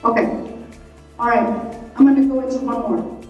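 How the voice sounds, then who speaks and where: Speaking to a live audience, a high-pitched woman gives an animated motivational talk and voices the nagging critic in her head. Her pace is moderate, and the lo-fi recording sounds distant and heavily reverberant, with soft background music.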